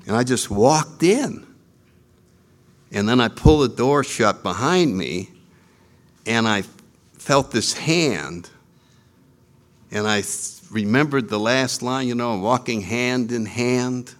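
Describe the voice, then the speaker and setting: Animated male storyteller, lively voice. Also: medium pitch, takes it slowly, long pauses. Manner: animated, acting out voices, chuckling. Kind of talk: humorous spiritual storytelling.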